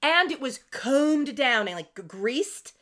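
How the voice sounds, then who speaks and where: A woman's voice: high-pitched, slow. A woman co-hosting a podcast, recapping a TV show in casual chat with lots of asides. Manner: chatty, animated, with frequent asides. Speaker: podcast co-host.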